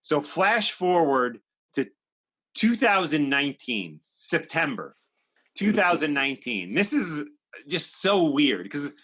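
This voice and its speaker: A man's voice: on the high side, sing-song, takes it slowly, a bit bright. A man in his fifties hosting a live stream, telling a long anecdote in a chatty way with many fillers and restarts. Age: 50s. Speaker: talk show host. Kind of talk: animated storytelling. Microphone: live stream microphone.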